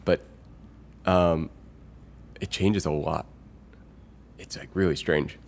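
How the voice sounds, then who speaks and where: Deep-voiced man musing aloud on stream. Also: steady tone, slow, creaky. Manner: rambling and musing, thinking aloud with many fillers; reads chat messages aloud and greets viewers. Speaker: live streamer. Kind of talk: casual chat with viewers.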